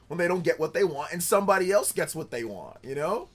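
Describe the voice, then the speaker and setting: A young man hosts a casual livestream and talks in a loose, rambling way. He reads viewer comments aloud and answers them with animated chatter full of filler words. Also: on the high side, fast talker, husky. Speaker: streamer host.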